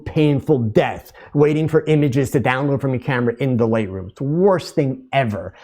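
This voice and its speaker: A middle-aged man hosting a live podcast Q&A, talking in an energetic, loud, animated way and telling stories. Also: a little high. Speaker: podcast host.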